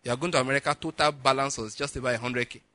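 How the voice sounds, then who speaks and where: A man's voice: medium pitch, racing, no echo. A man from Nigeria preaching, telling a personal story with lots of acted-out dialogue and frequent laughter. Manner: animated storyteller, acts out dialogue, laughs often. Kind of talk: sermon storytelling.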